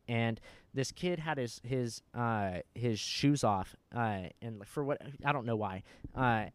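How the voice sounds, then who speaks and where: A man's voice: medium pitch, clear, resonant tone, no room sound. A young man hosting a podcast, telling a story in casual, profane chat, full of filler words. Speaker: podcast host.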